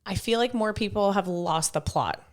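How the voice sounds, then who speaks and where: A middle-aged woman with a hoarse voice, chatting enthusiastically as a podcast co-host. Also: medium pitch, normal speed. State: hoarse, recovering from lost voice. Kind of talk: casual podcast chat.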